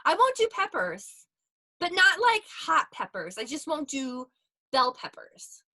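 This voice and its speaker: A woman co-hosting a podcast in casual chat, reacting quickly and laughing often. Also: high voice, sing-song, bright, forceful tone. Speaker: podcast co-host.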